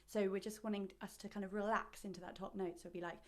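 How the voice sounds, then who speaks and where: A woman's voice: mid-range voice, fairly even intonation, fast talker, darkish tone. Woman coaching singers, chatty and playful. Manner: explains with playful imagery, chatty asides. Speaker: vocal coach. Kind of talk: leading vocal warm-up. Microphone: video call.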